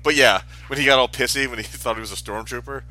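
A man's voice: medium pitch, quick pace, pushed and bright. A man co-hosting a casual chat about a TV show, easygoing and laughing often, stumbling and restarting as he talks.

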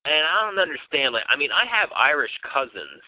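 A man co-hosting a casual wrestling podcast, talking in halting bursts full of fillers and restarts. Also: on the high side, big pitch swings, dry recording. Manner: hesitant, many fillers and restarts. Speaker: podcast co-host. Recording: dry, phone-like narrow sound.

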